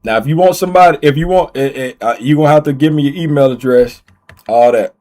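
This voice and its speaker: A man's voice: mid-range voice, fast, darkish tone. A man hosting a casual livestream giveaway, playfully reading viewer names aloud and repeating himself as he types them in. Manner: playful, teasing. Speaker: livestream host running a giveaway.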